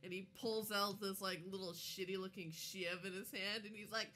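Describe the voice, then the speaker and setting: A woman's voice: mid-range voice, steady tone, moderate pace, bright, forceful tone, slight background noise. A woman narrating as game master of a tabletop game, giggling often.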